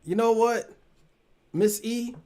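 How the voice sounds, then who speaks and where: In an extremely high-pitched yet darkish voice, a man speaks slowly while hosting a relationship show, chatting casually and directly with viewers on a live stream, swearing freely, laughing often, and drifting off mid-thought.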